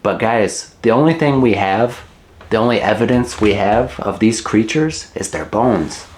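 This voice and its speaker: A man's voice: lowish voice, unhurried, a little mellow. A middle-aged man teaching English in a casual, joking way, repeating key words and chuckling at his own asides.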